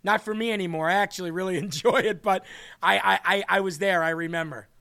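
A man hosting a live-streamed faith talk show, reading viewer comments and talking in an earnest, excitable way. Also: sits high, fast talker, gravelly, clean tone. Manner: earnest, excitable, restarts and laughs often. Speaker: host of an online faith show.

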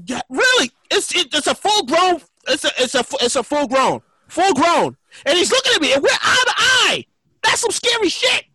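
A man spins a profane, animated story in casual chat, repeating words as he goes. His voice is high, bright and lively, and the sound is close and dry. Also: normal speed, no room sound.

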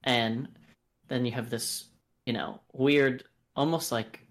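An American man co-hosting a casual podcast, reviewing films in a lively, profane way and acting out quotes. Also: mid-range voice, slow. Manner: animated, profane, acts out quoted voices. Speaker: podcast co-host. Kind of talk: casual film review chat.

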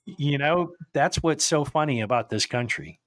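A man's voice: on the high side, expressive, moderate pace, fairly bright tone, dry recording. A man hosting a podcast, rambling through stories and chuckling as he goes. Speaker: podcast host. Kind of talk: casual chat.

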